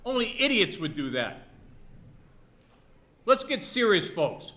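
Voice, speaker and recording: A man's voice: high voice, big pitch swings, slow, bright, forceful tone. A man giving an impassioned, repetitive public comment at a town meeting, scolding and patriotic.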